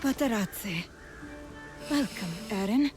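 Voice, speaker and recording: A woman's voice: a little high, expressive, measured pace, a little mellow. An actress voicing a solemn young witch in a game, speaking formal, archaic lines with a hard-to-place foreign accent. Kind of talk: game character dialogue. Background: game music.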